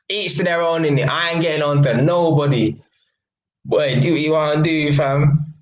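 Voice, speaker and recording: Young streamer, blunt and mocking, a bit high-pitched, roomy echo. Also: male voice, normal speed, lo-fi sound. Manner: blunt and mocking, London slang, frequent laughs. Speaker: live stream host. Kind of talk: casual live stream chat. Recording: echoey room.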